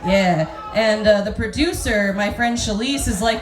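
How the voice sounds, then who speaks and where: A stand-up comedian in her thirties works a club stage, handheld mic in hand, with brash, self-mocking material and crude punchlines. She speaks in a mid-range voice at a slightly slow pace, while the echoing club picks up sounds from the live crowd.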